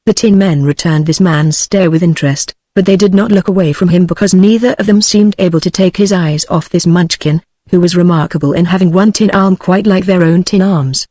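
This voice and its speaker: A text-to-speech woman with a British accent narrating an audiobook in a smooth, even synthetic voice. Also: lowish voice, brisk, few pauses, no room sound, clean studio sound.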